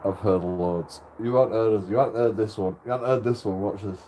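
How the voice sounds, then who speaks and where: A man chats loosely to his camera in a somewhat low voice. He keeps breaking into laughter, swears freely and restarts his sentences as he goes. Faint noise sits behind him. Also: quick pace, mellow. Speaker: vlogger. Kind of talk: casual rambling chat to camera.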